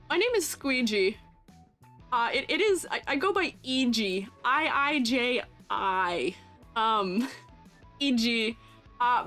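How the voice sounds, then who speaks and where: A woman's voice: a little high, fairly bright tone. A young woman streamer and art teacher chatting casually with her viewers, teasing and laughing often.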